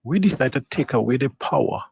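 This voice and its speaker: A man co-hosting a live talk show, playful and animated as he talks. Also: mid-range voice, fast talker, gravelly, slightly rough, dry recording. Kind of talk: lively live-show banter.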